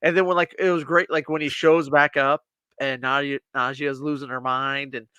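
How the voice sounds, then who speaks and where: A man's voice: mid-range voice, flat delivery, normal speed, pushed and bright, clear, resonant tone, no room sound. A man co-hosting a casual podcast, animatedly retelling and acting out scenes from a TV show. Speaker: podcast co-host. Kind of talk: casual chat.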